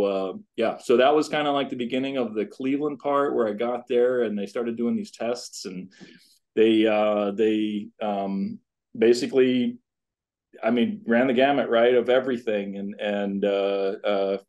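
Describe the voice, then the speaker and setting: A little slow and fairly even in intonation, this fifty-something man has a medium-pitched, darkish voice. As a college tennis coach interviewed on a podcast, he tells a personal story with earnest rambling and many asides.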